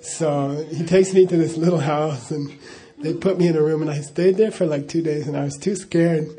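Mellow-voiced man telling a rambling story. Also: on the high side, fairly even intonation, moderate pace. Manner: rambling, chuckling, full of "you know" asides. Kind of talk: casual spoken anecdote.

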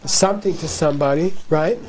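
A man's voice: a little high, a little fast, darkish tone. A man teaching Buddhist ideas to a live audience in a playful, repetitive way, acting out little dialogues and laughing as he goes.

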